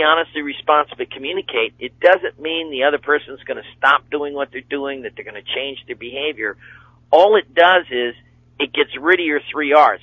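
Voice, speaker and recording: A middle-aged man talks as a radio guest in a folksy, rambling way, full of fillers and little acted-out quotes. His voice sits at an ordinary middle pitch. The sound is dull and lo-fi, like an old radio broadcast. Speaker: seminar speaker and relationship coach. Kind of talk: guest talk on a radio show.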